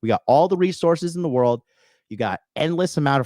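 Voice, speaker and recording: A man's voice: on the high side, expressive, a little fast, darkish tone, dry recording. Brash profane man on a livestream. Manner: profane, boastful and emphatic, with many fillers. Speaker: dating and self-improvement coach hosting a call-in show. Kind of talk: casual livestream monologue.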